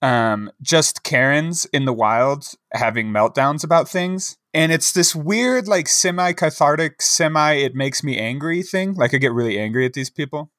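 A man's voice: on the high side, normal speed, hardly any pauses, a bit bright, dry recording, studio quality. A man co-hosting a podcast, telling a rambling story in casual chat with lots of fillers and a wry tone. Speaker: podcast co-host.

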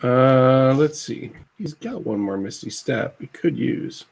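A man running a tabletop game as game master, relaxed and wry, with a gravelly voice. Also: mid-range voice, takes it slowly.

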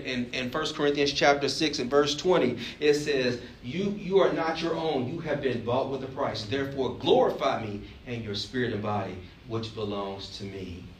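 A pastor from Alabama delivers a sermon in a mid-range voice, emphatic and joking as he puts questions to the congregation. The recording sounds roomy, with a distant mic, faint ambience, and slight background noise.

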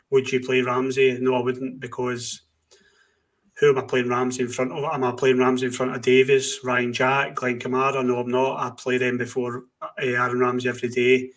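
A man giving blunt football opinions in a casual podcast chat, asking himself rhetorical questions. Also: mid-range voice. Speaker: podcast co-host.

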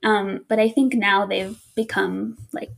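Slow, gravelly woman chatting casually. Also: mid-range voice, fairly even intonation. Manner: laughs often while telling stories. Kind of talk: casual chat.

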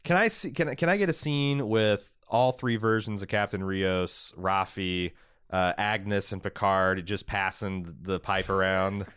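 A man's voice: fairly low pitch, fairly even intonation, measured pace, fairly bright tone, clean tone, no echo. A man co-hosting a casual podcast, talking in a rambling, jokey way and swearing casually. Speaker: podcast co-host.

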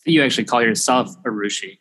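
A man's voice: mid-range voice, fast talker, fairly bright tone, poor audio. A man hosting his podcast, chatting casually and thinking aloud with ums and restarts. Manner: easygoing, thinking aloud with fillers. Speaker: podcast host. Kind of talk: casual chat. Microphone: headphones, podcast mic.

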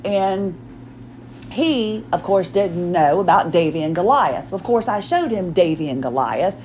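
A woman's voice: lowish voice, lively intonation, unhurried, a little mellow, slight background noise, low-quality recording. A woman in her forties hosting her own podcast, talking in a chatty, rambling way, often restarting her sentences and acting out quotes. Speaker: podcast host. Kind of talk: casual solo podcast chat.

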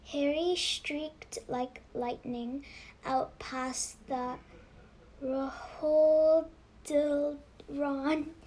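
A high-pitched woman reads a children's novel aloud at a very slow, careful pace. She stumbles and restarts now and then, and drops to a whisper for the hushed moments. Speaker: reader.

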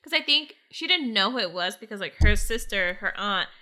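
A woman's voice: medium pitch, lively intonation, fairly quick, bright, forceful tone. A woman in casual conversation, chiming in and laughing along while retelling story moments. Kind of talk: casual chat.

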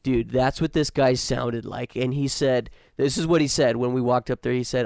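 A man hosting a podcast, telling a story in a relaxed, slangy casual chat. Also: mid-range voice, a little fast, creaky, no room sound, studio quality. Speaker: podcast host.

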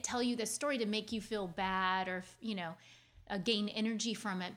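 A woman sharing a painful childhood story with her audience in an earnest, confiding way, talking quickly and restarting her phrases as she speaks. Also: medium pitch, a bit bright. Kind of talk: heartfelt personal storytelling.

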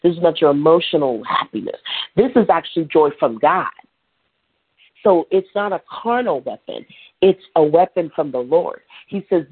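A woman preaching a sermon in a conversational, animated way, laughing now and then. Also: low voice, moderate pace, slightly rough. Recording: tinny phone-like sound.

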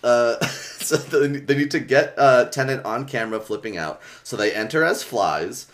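A man's voice: mid-range voice, animated, moderate pace, a bit bright. A man hosting a podcast, casually retelling a book's plot in loose, rambling talk full of fillers and swearing. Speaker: podcast host recapping a book. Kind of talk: casual chat.

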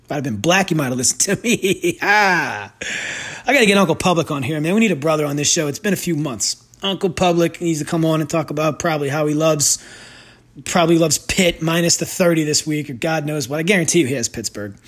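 A man's voice: on the high side, fairly quick, a bit bright. A man hosting a sports betting podcast, ranting in a sarcastic, profane, rambling way into a sensitive desk microphone. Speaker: podcast host and sports bettor. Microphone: new sensitive microphone at a desk.

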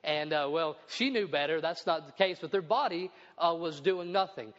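Preacher with a raised tenor in a hall. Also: male voice, fairly high pitch, normal speed, fairly bright tone. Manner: expository preaching, reading scripture aloud with asides. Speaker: pastor. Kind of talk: sermon. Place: church building. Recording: dull sound with long hall reverb.

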